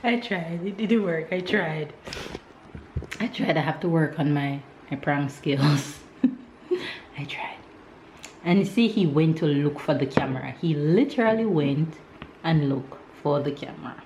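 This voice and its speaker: A woman's voice: low-pitched, unhurried. A woman vlogging casually at home, a mother telling stories with lots of laughter. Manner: laughing, playful, animated storytelling. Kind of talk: casual vlog chat. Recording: echoey room with background noise.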